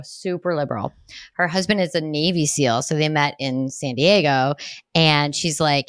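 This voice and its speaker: A woman co-hosting a podcast, chatting casually as an animated storyteller who swears freely and laughs often. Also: deep voice, dry recording, studio quality. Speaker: podcast co-host; mother of a young daughter. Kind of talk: casual chat.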